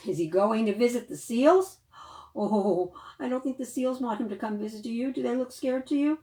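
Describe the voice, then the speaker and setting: A woman librarian leading a children's storytime, reading a picture book aloud with animated questions to the young listeners. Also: a little high, moderate pace. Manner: animated, questions to the children, gasps and sing-song.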